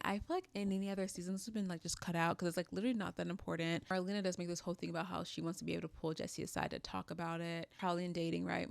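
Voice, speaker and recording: A woman in her twenties talks through a reality show recap in a loose, opinionated way. Her voice sits fairly low for a woman and has a gravelly fry. The sound is dry and close. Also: no room sound. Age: 20s. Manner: chatty and opinionated, many "like" fillers. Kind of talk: casual recap chat.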